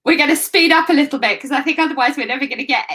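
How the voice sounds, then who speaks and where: Woman, fairly high pitch, brisk host, video call, reading tributes. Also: bright, forceful tone. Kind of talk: live-stream hosting.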